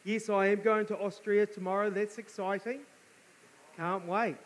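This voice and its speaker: High-voiced New Zealand preacher, chatty. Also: male voice, steady tone, normal speed, rough recording. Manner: casual and chatty, playful banter with the congregation. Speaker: guest preacher. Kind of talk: sermon. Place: church service, live before a congregation.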